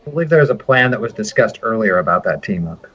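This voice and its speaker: A man's voice: fairly low pitch, lively intonation, fast, dull audio, crowd noise. A man acting as game master, describing the scene with comic detail. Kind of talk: narrating a tabletop game.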